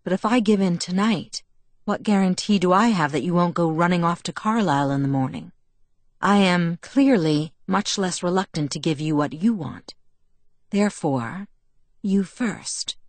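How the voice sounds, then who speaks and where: A woman voicing a calm, teasing young man who speaks softly, in an audiobook. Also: on the low side, moderate pace, dry recording, natural voice. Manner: soft, calm, murmured. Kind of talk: audiobook character voice.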